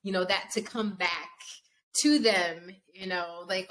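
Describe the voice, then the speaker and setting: A woman hosts a casual podcast. She speaks slowly with a bright tone and is open and candid. She laughs easily and answers her guest with quick agreement. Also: medium pitch. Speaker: podcast host.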